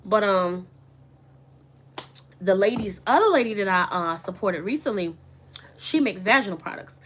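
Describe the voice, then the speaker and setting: A woman's voice: medium pitch, animated, normal speed, a little hiss or hum. Chatty woman vlogging to her viewers. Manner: chatty, candid, addresses viewers as y'all. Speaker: online boutique owner and vlogger. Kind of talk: casual chat to camera.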